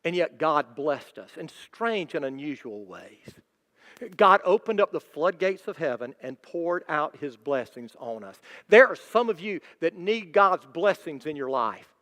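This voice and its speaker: A man's voice: on the high side, expressive, unhurried, fairly bright tone. A man preaching as a pastor, emphatic and repetitive, building in intensity. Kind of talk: sermon. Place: church sanctuary. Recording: long church hall reverb.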